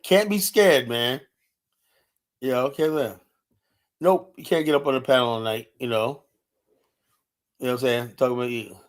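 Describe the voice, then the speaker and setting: A man's voice: mid-range voice, moderate pace, long pauses. Man, live streamer, confrontational and profane, casual heated talk with filler-heavy delivery. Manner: fillers like "you know" throughout.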